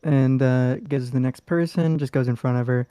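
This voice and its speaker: A man's voice: medium pitch, steady tone, moderate pace, warm tone, clear, resonant tone, no room sound. A man narrating a tabletop game as game master, in a loose, rambling way with lots of fillers.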